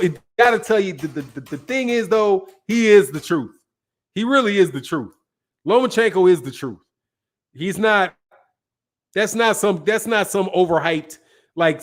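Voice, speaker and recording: A man hosting a live boxing talk stream, casual and blunt, profane and quick to laugh at his own jokes. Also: high-pitched. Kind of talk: casual live-stream chat reading viewer comments.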